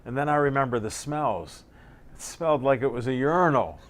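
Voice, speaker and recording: A male sports radio host talks at an ordinary middle pitch for a man. He chats casually and slips in short memories of his own between the guest's stories. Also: expressive, brisk. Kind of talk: casual interview chat.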